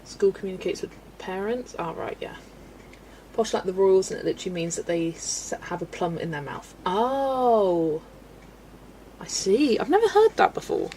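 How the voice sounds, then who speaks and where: A woman from the UK hosts a casual live stream from home and reads her viewers' comments aloud. Her voice has a touch of gravelly fry. She chats in a giggly, easygoing way over a faint background hiss. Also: mid-range voice, very animated, normal speed, mellow, low-quality recording.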